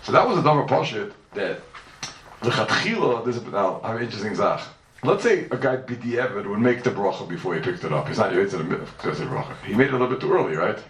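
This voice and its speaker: A man teaching a Talmud class, his voice rising into sing-song rhetorical questions. His voice is gravelly, and he stands back from the mic in a roomy, echoing space. The delivery is animated and argumentative. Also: fairly low pitch, fast, slight background noise. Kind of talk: yeshiva-style Talmud lecture. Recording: echoey room, speaker far from mic.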